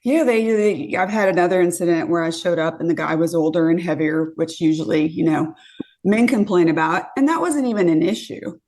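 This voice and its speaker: A woman's voice: lowish voice, fairly quick. Woman in her fifties telling dating stories. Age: 50s. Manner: animated, acts out quotes. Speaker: podcast guest. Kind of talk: casual storytelling.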